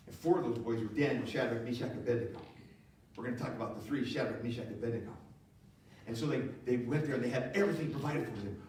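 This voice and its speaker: A male pastor preaching a sermon with animated, playful storytelling. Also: mid-range voice, quick pace, slight background noise. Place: church auditorium. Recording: echoey church hall, distant mic.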